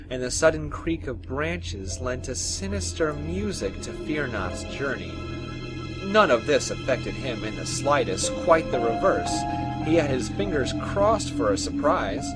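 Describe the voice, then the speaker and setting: A man narrating a folktale in an expressive, theatrical storytelling style. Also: mid-range voice.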